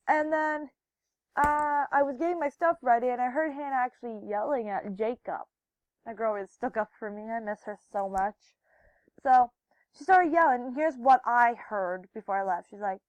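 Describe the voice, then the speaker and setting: Young woman, vlogger, storytime, high voice, dry close sound, loud acted-out quotes, quiet wistful asides. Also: moderate pace, no echo, poor audio. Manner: drops soft and quiet when wistful. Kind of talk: personal storytime.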